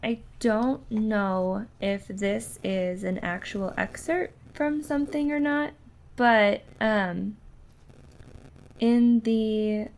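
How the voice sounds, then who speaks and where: Slow, gravelly-voiced woman co-host. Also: medium pitch, a little mellow. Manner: halting, many ums and restarts. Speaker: podcast co-host. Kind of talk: casual chat, reading a passage aloud.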